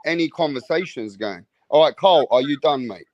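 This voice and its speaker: A man's voice: on the high side, expressive, brisk, dry recording, highs cut off. A man hosting and moderating a heated live stream debate in a firm, brusque way, keeping speakers to time. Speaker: host and moderator.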